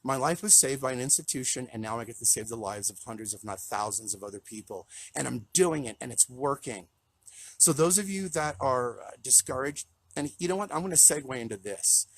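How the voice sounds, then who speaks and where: Brief: tearful, earnest man on a live stream, gravelly and husky, rambling and choked up. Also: fairly high pitch. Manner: earnest, rambling, repeats himself when moved. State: choked up, near tears. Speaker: plant-based chef and counselor. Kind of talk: emotional live-stream talk to followers. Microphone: live video call.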